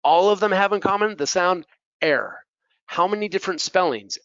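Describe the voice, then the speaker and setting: A man with an American accent teaching English pronunciation to Spanish speakers, repeating words slowly to drill the sounds. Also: sits high, fairly bright tone, no echo, highs cut off. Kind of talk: bilingual pronunciation lesson.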